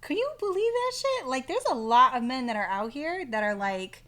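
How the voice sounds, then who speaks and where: A woman co-hosting a podcast, trading stories with a friend. Her voice is bright and sits a little high. She talks bluntly and plainly, swearing freely with a playful edge. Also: sing-song, moderate pace. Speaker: podcast co-host. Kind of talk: casual chat.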